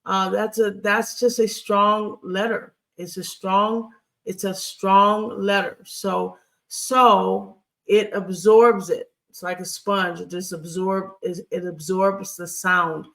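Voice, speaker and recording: A Hebrew grammar teacher talks through a recorded lesson at an unhurried, deliberate pace. The voice is gravelly with a touch of vocal fry. Delivery is halting and patient, pausing often to check in with the listeners. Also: medium pitch, fairly even intonation, a bit bright. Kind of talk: recorded online lesson, writing on screen.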